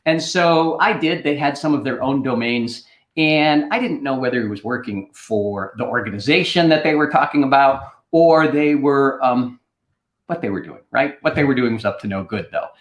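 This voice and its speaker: A man's voice: medium pitch, animated, normal speed, echoey room. A middle-aged man hosting a livestream who tells a long story casually and keeps checking in with "right?". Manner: chatty, anecdotal, keeps asking "right?". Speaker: host.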